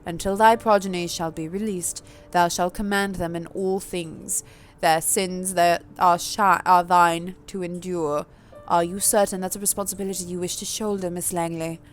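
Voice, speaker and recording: A woman playing a stern vampire ruler who hands down judgment in slow, measured, regal tones. Her delivery is lower and quieter than the narration, with faint game music behind. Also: flat delivery, natural voice. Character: stern female vampire prince, commanding ruler.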